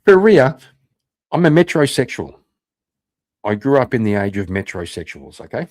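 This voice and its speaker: A man's voice: on the low side, very animated, moderate pace, darkish tone. A man hosting a live stream, chatting casually with his viewers, rambling, swearing and laughing often. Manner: profane, rambling, laughs a lot. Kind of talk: casual chat reacting to viewers.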